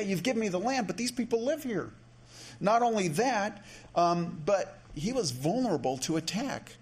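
Male pastor, sermon delivery, chatty with restarts, slightly high voice. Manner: conversational, many restarts and asides.

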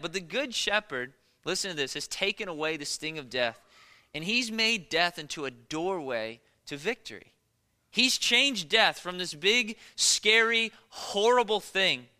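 Bright, animated man preaching a sermon. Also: sits high, big-room sound. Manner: animated, joking, rising to near-shouts when acting out fear. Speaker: pastor. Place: church.

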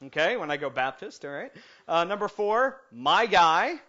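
Animated jokey male pastor, muffled sound. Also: a little high, normal speed. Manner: jokey and animated, then calm and earnest. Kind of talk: lighthearted sermon. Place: church sanctuary.

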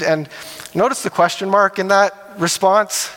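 A man preaches in a relaxed, conversational way, checking in with his listeners as he talks. His voice sits slightly high for a man. A long reverb trails each phrase, as in a large hall. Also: measured pace. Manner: conversational, asks "right?" often. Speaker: pastor. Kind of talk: sermon.

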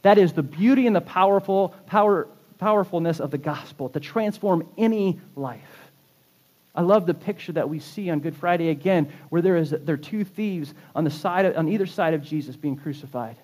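A man delivers a sermon in a church, his fairly high voice full of fervor. He presses his points with swelling emphasis, then drops low for the quieter lines. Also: normal speed. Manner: impassioned preaching, rising and falling emphasis. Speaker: pastor. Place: church sanctuary.

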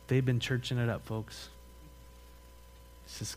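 A man pastor preaching a sermon in a church, speaking emphatically and conversationally with questions to the congregation, then praying softly. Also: medium pitch, flat delivery, normal speed, pauses often, slight background noise. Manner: drops to a soft, earnest tone in prayer. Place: church sanctuary.

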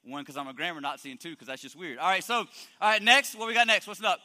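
A male pastor preaching a lively sermon, joking and quizzing his congregation in a church hall. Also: high voice, fast. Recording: long hall reverb.

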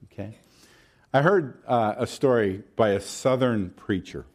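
A man's voice: medium pitch, a little slow. A male pastor delivering a sermon, asking his listeners questions and breaking into a folksy story.

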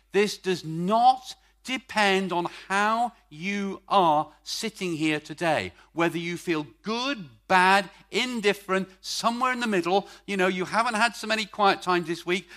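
A middle-aged man preaching a sermon at a church service, emphatic, stretching key words and swinging from loud to quiet. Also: high voice, a little slow, few pauses.

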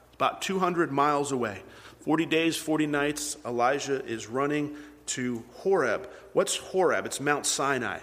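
A man's voice: medium pitch, expressive, moderate pace, a bit bright. A man preaching as a pastor, explaining scripture in a conversational way and asking his listeners questions. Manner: conversational, asks the congregation questions. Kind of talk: sermon. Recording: long reverb in a hall.

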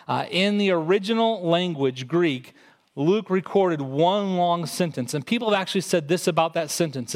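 Conversational man preaching, slightly higher voice. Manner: conversational, repeats words when restarting. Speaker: pastor. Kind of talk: sermon. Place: church hall with congregation.

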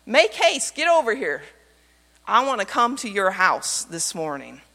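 A woman pastor voicing a welcoming male teacher, lively and inviting, within a sermon. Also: medium pitch, unhurried, in a large hall, heavily acted.

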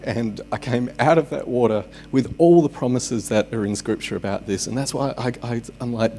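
A man's voice: medium pitch, normal speed, few pauses, warm tone, slight background noise. A man preaching a sermon at a church service, conversational and dropping joking asides. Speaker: pastor.

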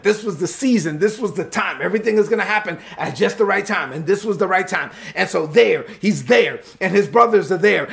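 A man preaching to his congregation, his voice pitched high and carrying a gravelly edge. He tells the story with animated energy and pushes higher and louder at its emotional peaks. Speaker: pastor. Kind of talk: sermon.

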